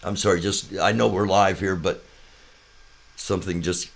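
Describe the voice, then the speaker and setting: A man's voice: fairly even intonation, vocal fry. A man hosting a live show, walking through an opening song and half-singing the rhyming lyrics. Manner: slow, low-key delivery breaking into sing-song rhymes. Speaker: host.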